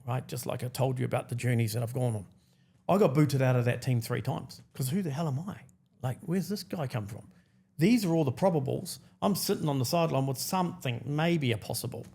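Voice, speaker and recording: A New Zealand man in his forties, a podcast guest telling his story casually and acting out the dialogue in slangy speech. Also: medium pitch. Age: 40s. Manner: animated, acts out quoted dialogue, slangy.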